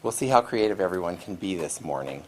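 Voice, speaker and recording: A man with a Midwestern American accent speaks to a small studio audience. His voice is low, and he explains things at length in a chatty way after a formal opening. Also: expressive, fast. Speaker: table topics master. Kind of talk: meeting speech.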